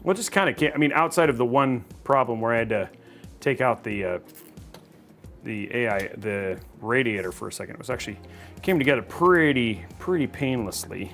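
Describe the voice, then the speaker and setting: A man's voice: medium pitch, animated, a little fast, creaky, fairly bright tone, soft background music. A man hosting a livestream PC build, chatting casually and joking about himself, with lots of "like"s. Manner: self-deprecating, joking, talks with many "like"s. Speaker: host.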